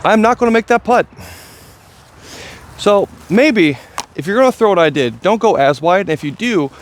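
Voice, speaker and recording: A chatty, excitable man with a slightly high voice talks through his disc golf round in casual commentary, poking fun at himself. He is recorded outdoors on the course, with faint traffic and outdoor ambience behind him. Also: normal speed. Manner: chatty, excitable, self-deprecating.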